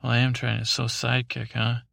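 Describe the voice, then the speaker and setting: A man's voice: mid-range voice, completely flat delivery, a little fast, creaky, sharp tone, dry recording, studio quality. A man doing a curious, chatty alien. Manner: inquisitive, probing questions. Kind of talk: sleepy bedtime story role-play.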